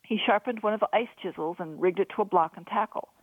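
A woman author reading her own novel aloud in a steady storytelling manner. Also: medium pitch, fast, husky, no echo. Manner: steady storytelling, lively voices for dialogue. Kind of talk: audiobook narration. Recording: dry, phone-like narrow sound.

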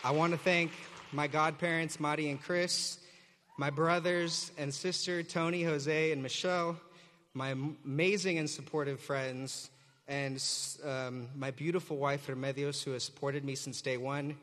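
A man's voice: fairly high pitch, fairly even intonation, a little slow. A young man, a graduating student teacher, gives a joking and earnest commencement speech at a podium microphone. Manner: joking, warm and earnest, leads audience cheer. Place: large hall. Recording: reverberant auditorium.

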